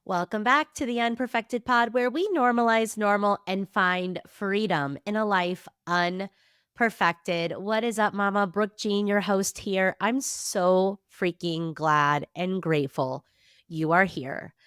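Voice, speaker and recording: A woman's voice: medium pitch, a little slow, a bit bright, clear, resonant tone, no room sound, studio quality. A woman in her thirties hosting a motivational podcast, her voice nasal and stuffy from allergies, upbeat and emphatic. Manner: upbeat, emphatic, casually swears. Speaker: podcast host and therapist.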